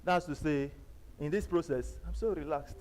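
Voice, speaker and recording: Nigerian male seminar speaker, fairly high voice, repetitive, hammering points loud then dropping low. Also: normal speed, low-quality recording. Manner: emphatic, repetitive, preacher-like; swings from loud bursts to quiet asides. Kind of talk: live motivational seminar talk. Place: seminar venue.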